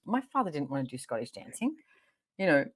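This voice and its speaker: A woman hosting a podcast interview, telling personal stories in an animated, conversational way. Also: sits low, brisk, slightly rough. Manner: animated storytelling, frequent laughter. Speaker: podcast host.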